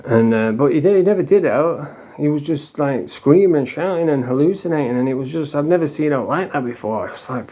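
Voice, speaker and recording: A man's voice: mid-range voice, mellow. A middle-aged man tells blunt, rambling stories casually to camera, swearing a lot and restarting his sentences. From England. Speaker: recovering addict sharing stories.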